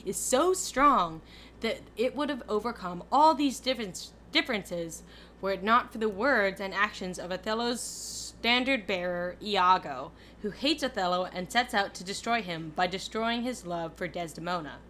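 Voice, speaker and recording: A woman's voice: mid-range voice, normal speed, a bit bright, a little hiss or hum. A young woman co-hosting a podcast, reading a summary aloud and chatting casually, laughing and swearing playfully. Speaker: podcast co-host.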